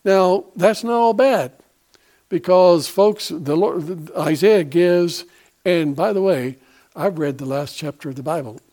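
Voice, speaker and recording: A man's voice: sits high, slow, warm tone. A man preaching a sermon in a folksy, rambling way with many fillers and restarts.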